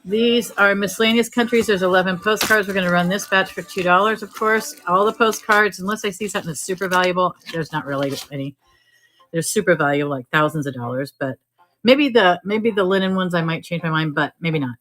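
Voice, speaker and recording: A woman selling postcards on a live-stream auction, talking briskly and joking as she sorts through stacks. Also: on the low side, a bit bright, low-quality recording. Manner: brisk, joking, thinking aloud while sorting items. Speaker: online auction seller.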